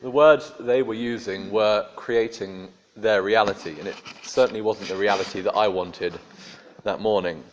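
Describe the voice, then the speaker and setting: Man preaching, low voice, chatty storytelling, dry humor, dull lo-fi recording. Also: fairly even intonation, moderate pace, slight background noise. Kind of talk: sermon.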